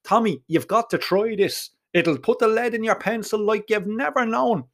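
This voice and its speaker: A man playing a swaggering Dublin bandmate with a cocky, shouty streak, voiced by the same Irish storyteller in an audiobook. The voice sits a touch high and turns loud when he flares up. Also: moderate pace. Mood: coaxing. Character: brash male crooner impersonator, cocky bandmate.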